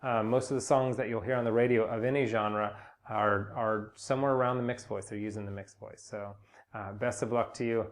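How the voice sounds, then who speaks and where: A young man giving a casual spoken singing lesson, relaxed and rambling, with many fillers and restarts. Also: lowish voice, a little fast. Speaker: singing teacher. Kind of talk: casual spoken vocal lesson with sung demonstrations.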